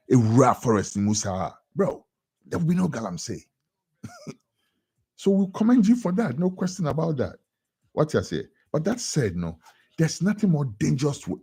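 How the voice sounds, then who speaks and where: A young Ghanaian man with a Ghanaian accent giving an animated editorial commentary on radio, often repeating words for emphasis. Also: mid-range voice, husky.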